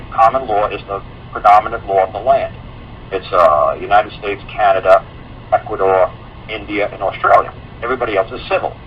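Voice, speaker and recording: A man on a call-in show telling a long story in a rambling, animated way, with many fillers and restarts. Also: fairly low pitch. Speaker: guest. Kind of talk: casual call-in chat. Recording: muffled online call audio with faint hiss.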